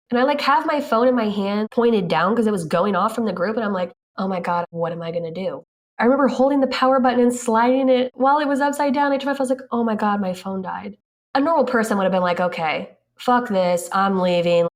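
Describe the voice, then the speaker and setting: A woman casually telling a story, acting out the dialogue and saying "like" a lot. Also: fairly high pitch. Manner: animated, acts out quoted dialogue, frequent "like". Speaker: interviewee recounting events.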